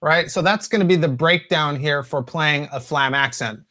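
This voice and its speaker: A man in his forties from the US West Coast walks through drum rudiments in an easygoing teaching voice. His pitch sits a little above the usual male range, and he fills gaps with uhs and ums. Now and then he counts aloud or sings the patterns. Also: normal speed, pushed and bright. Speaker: drum instructor. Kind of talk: instructional talk.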